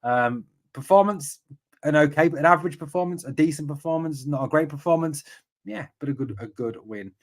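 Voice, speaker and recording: A man's voice: on the high side, brisk. An English man hosting a live football podcast, reading out viewer comments and answering them in a chatty way with many ums. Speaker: podcast host.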